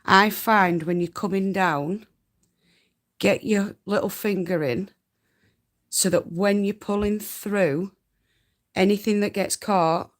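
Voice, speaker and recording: Slow-talking Yorkshire woman, homely and chatty. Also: lowish voice. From North Yorkshire, England. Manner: chatty, laughs often, homely turns of phrase. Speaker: host of a live spinning stream. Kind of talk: casual live-stream tutorial chat.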